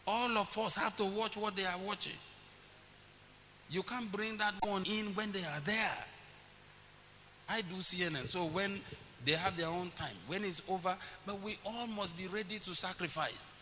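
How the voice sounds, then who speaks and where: A man's voice: sits high, moderate pace, bright, forceful tone. A middle-aged man preaching a sermon as pastor, telling family stories and acting out his children's voices. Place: church hall. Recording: long church reverb, faint hiss.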